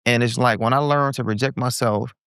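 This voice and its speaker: Man, forties, smooth resonant voice, dry close sound, podcast guest telling a candid story. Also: medium pitch, brisk, dry recording. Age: 40s. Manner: animated, acts out quoted voices. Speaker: guest entrepreneur.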